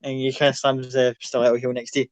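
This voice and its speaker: A man's voice: mid-range voice, monotone, fast, dry recording. A man narrating as game master in a casual, rambling way.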